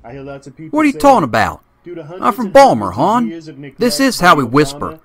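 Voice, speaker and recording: A man doing an impression of a loud, brash male senator from a northeastern city. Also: on the high side, animated, normal speed.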